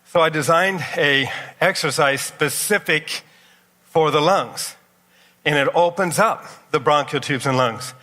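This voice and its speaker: Heard from afar in an echoey expo hall, a man leads a live demo, coaching volunteers through exercises with lots of energy. He speaks a little slowly, in a high-leaning voice that is bright and forceful.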